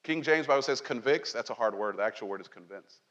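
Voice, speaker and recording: Dull audio with a lingering reverb captures a man preaching fast at medium pitch in a church sanctuary. As pastor, he keeps it conversational and lively, joking with his congregation and tossing in asides.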